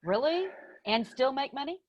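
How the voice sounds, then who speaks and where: A woman's voice: high-pitched, expressive, normal speed, highs cut off. A woman with a Southern US accent co-hosting a casual podcast, chatty and giggly with folksy sayings. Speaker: podcast co-host.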